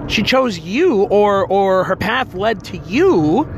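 Animated man telling an emotional story. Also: high voice, slow, lo-fi sound, noisy background. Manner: emotional, animated retelling with many fillers. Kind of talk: personal storytelling.

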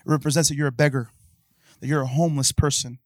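A man preaching a sermon in church, swinging from hushed talk to impassioned shouting and calling out to the congregation. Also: fairly high pitch, steady tone, quick pace, no room sound, clean studio sound. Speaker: pastor.

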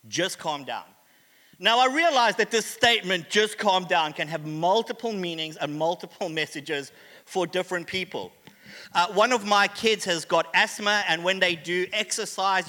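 High-voiced bright man preaching. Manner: humorous, conversational preaching. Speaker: pastor. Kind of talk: sermon. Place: church hall. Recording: reverberant hall.

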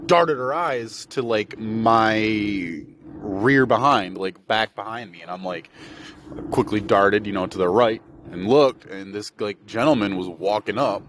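A young man from Michigan with a lowish voice rambles through a story on his solo podcast, swearing freely and mocking the people in it. His talk runs loose and animated, and a clear hiss of background noise sits under the whole recording. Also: unhurried. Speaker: podcast host. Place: indoors, while driving. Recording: noisy background ambience.

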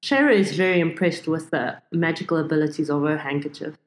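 A woman's voice: low-pitched, fairly quick. A woman playing a tabletop game, narrating her character in third person. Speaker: player. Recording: echoey room.

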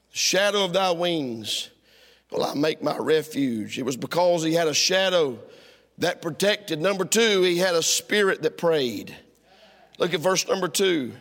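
Man, middle-aged pastor, high ringing voice, sermon, loud-to-hushed swings, long church echo. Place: church sanctuary.

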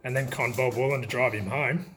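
A man's voice: medium pitch, steady tone, a little fast, fairly bright tone, a little hiss or hum. Laughing Australian man telling footy stories. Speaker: former country footballer. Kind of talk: casual storytelling interview.

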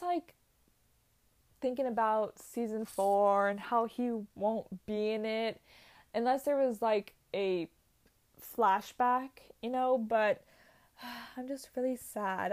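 A woman's voice: on the high side, a little mellow. A young woman chatting casually and gushing, full of "like" and "um". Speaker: vlogger. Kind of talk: casual chat.

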